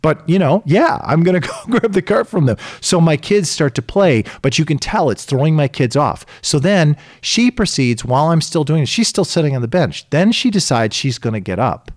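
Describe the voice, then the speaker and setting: A middle-aged man tells a story in easy conversation. His pitch rises and falls widely as he acts out the voices of the people in the story. The recording is close and dry. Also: sing-song, moderate pace, few pauses, dry recording. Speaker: podcast co-host telling a story. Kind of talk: casual chat.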